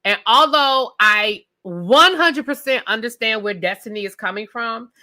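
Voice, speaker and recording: A woman hosting a live TV review show, talking loudly and emphatically straight to her viewers in a casual rant. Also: on the high side, expressive, a little slow. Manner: loud, emphatic, talks straight to the audience.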